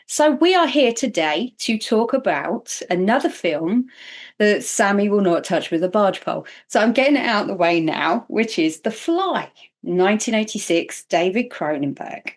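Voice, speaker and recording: A woman hosting a podcast in casual chat, chatty and self-mocking with quick asides. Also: mid-range voice, animated. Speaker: podcast host.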